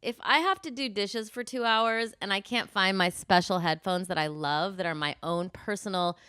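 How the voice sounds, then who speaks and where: Bright, clear-voiced woman co-host. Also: mid-range voice, moderate pace, no room sound, clean studio sound. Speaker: podcast co-host. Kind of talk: casual chat. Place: home studio.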